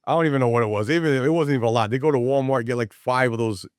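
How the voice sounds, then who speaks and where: A male podcast host rattles through stories at a rapid clip, loud with hype and loose with profanity. His voice sits in an ordinary middle pitch. The sound is dry and close, with no room around it. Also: smooth, no echo. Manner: hyped, profane, storytelling. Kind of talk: casual podcast chat.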